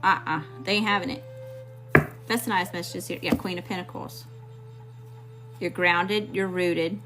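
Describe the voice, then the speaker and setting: A woman's voice: fairly low pitch, steady tone, measured pace, loud music behind the voice. A woman from Mississippi with a Southern accent giving a casual tarot reading to her viewers, talking in a sassy, blunt and profane way. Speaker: tarot reader.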